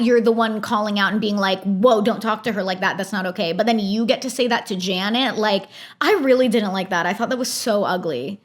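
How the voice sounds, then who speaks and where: A woman's voice: fairly high pitch, a bit bright. A young woman recapping a reality show episode in a chatty, opinionated way, acting out quotes as she goes.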